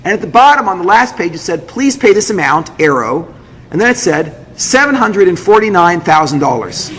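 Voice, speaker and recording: A man, a rabbi, telling a personal story to an audience, acting out the dialogue in an animated way. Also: brisk, crowd noise. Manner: lively, acts out dialogue with big pitch jumps. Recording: roomy hall with long reverb, faint noise.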